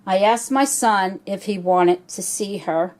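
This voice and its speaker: A woman's voice: medium pitch, a little mellow. A middle-aged woman hosting her own vlog channel, telling a personal story in a heartfelt, slightly choked-up way. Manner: slow, heartfelt, a little choked up. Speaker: reborn doll artist and channel host.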